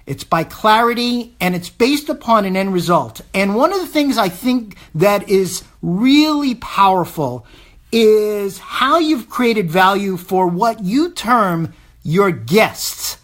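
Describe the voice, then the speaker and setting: Slow-talking, effusive woman host. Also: mid-range voice. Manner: effusive, praising, emphatic repetition. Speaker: show host. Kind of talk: interview questions.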